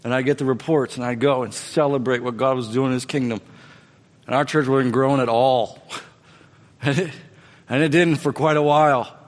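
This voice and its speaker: A pastor preaches in a sermon, acting out the dialogue in his story. His voice sits in the middle range for a man and moves between loud, rising lines and hushed ones. The sound carries the long reverb of a large hall. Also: mid-range voice, fairly even intonation, brisk.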